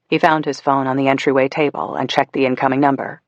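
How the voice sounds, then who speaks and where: A woman reading a novel aloud as an audiobook narrator, in a measured, even storytelling manner. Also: very deep voice, no room sound.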